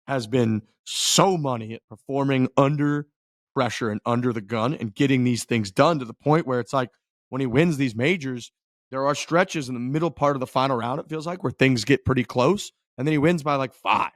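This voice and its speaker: A man's voice: medium pitch, normal speed, dry recording. A man co-hosting a golf podcast, talking in a rambling, casual way full of fillers. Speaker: podcast co-host. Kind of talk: casual chat.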